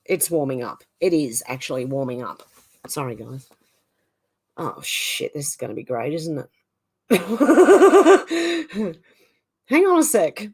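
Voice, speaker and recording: Her bass voice has a sing-song quality and a breathy edge, moving at a moderate pace. She is an Australian livestream host, reading viewers' comments aloud and chatting back casually.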